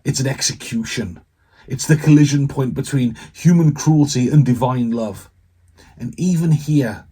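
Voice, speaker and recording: Husky-voiced vicar giving an earnest sermon. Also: male voice, mid-range voice, darkish tone. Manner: earnest and conversational, with emotional pauses.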